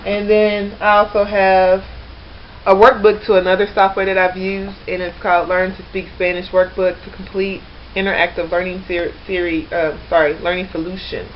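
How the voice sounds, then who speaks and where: A language learner vlogger chats casually to camera in a mid-range voice with little pitch movement, at normal speed. The lo-fi webcam recording is slightly dull with a little hiss or hum, and she rambles with many fillers and restarts.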